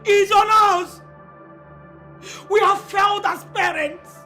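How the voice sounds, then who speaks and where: A woman's voice: very high voice, slow, pushed and bright, soft background music, heavily acted. An actress playing a distraught mother who reproaches her husband. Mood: grieving. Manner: accusing, reproachful.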